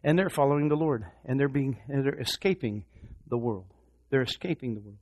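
A man preaching a sermon, swinging from hushed, repeated words to loud, impassioned exhortation. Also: medium pitch, brisk. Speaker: pastor.

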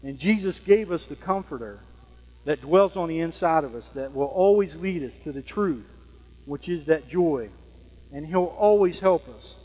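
A man preaching a sermon in a conversational way, often pausing to ask "Amen?". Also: a little high, animated, warm tone, in a large hall, poor audio. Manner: conversational, frequent fillers and "Amen?" checks.

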